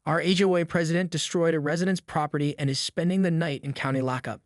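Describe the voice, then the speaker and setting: A man's voice: fairly high pitch, steady tone, fast talker, dry recording, clean studio sound, lightly acted. A man reading the part of a condescending, wealthy male attorney. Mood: urgent.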